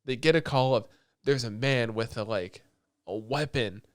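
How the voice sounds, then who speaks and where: A man co-hosting a podcast, excitedly retelling scenes in casual chat and swearing often. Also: medium pitch, moderate pace, smooth, no echo, clean studio sound. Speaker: podcast co-host.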